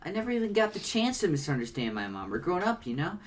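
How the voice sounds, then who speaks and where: A woman reading a bubbly, excitable teenage girl who gushes, stammers and drops internet slang. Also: fairly low pitch, fast talker. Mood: wistful. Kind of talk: reading comic dialogue aloud.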